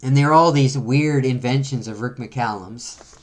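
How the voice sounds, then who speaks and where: A man walking through a comic book page by page in casual chat, reading the panels aloud and slipping into quick voices for the characters. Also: medium pitch.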